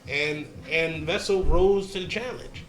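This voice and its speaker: A man co-hosting a casual podcast, talking in a relaxed, reflective way with many fillers. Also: a little high, unhurried, roomy sound, soft background music. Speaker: podcast co-host. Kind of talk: casual chat.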